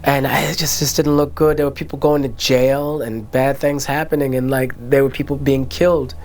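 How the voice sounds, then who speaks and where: A middle-aged man tells his life story in a relaxed interview. His delivery is animated, and he slips into the voices of relatives as he goes. His pitch sits in an ordinary middle range. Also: normal speed. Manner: animated, acts out family voices and quotes. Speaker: interview guest, musician. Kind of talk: candid storytelling conversation.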